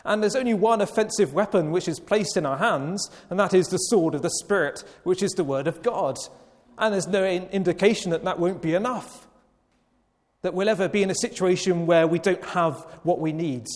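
A man preaching a Sunday evening sermon, slow and emphatic, with long pauses. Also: high voice. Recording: long reverb of a church hall.

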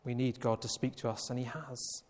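A man preaching a Sunday evening sermon, slow and emphatic, with long pauses. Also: medium pitch, steady tone, a little mellow. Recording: long reverb of a church hall.

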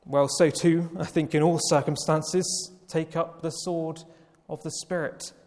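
A man preaching a Sunday evening sermon, slow and emphatic, with long pauses. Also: fairly high pitch, level tone, darkish tone. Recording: long reverb of a church hall.

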